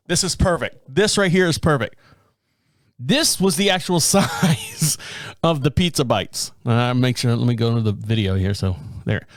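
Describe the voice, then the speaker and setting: This medium-pitched voice is a middle-aged man doing a casual solo podcast rant from home, exasperated, rambling and profane. The sound is dry and close, without echo.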